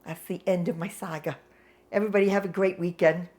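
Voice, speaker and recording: Speaking fairly quickly in a lowish voice, this New England vlogger in her 60s relates a story at home in a relaxed way. Her manner is excitable and full of laughter, her humor tinged with exasperation.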